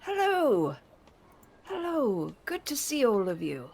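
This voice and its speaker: A woman voicing an older male dragonborn shopkeeper who is polite and fussy, with a high, genteel manner. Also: huge pitch swings, slow pace, vocal fry, a little mellow, slightly rough, exaggerated voice. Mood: cheery welcome.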